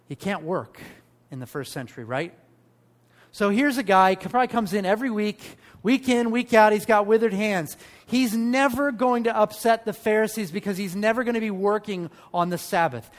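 High-voiced pastor preaching with emphasis. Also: male voice. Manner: animated preaching with rhetorical questions and emphatic pauses. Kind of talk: sermon.

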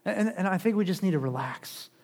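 Man, pastor, high voice, conversational sermon, rhetorical questions, long hall reverb. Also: animated, brisk. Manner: conversational, rhetorical questions, shifts between loud and hushed.

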